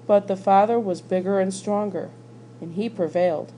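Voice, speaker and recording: A woman reading a children's novel aloud, slow and gentle. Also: mid-range voice, slight background noise, low-quality recording. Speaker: school staff reader.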